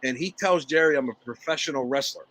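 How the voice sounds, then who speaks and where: A man's voice: medium pitch, fast talker, fairly bright tone, low-quality recording. A boisterous man co-hosting a podcast, telling crude stories and laughing often. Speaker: podcast co-host. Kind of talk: casual profane storytelling chat.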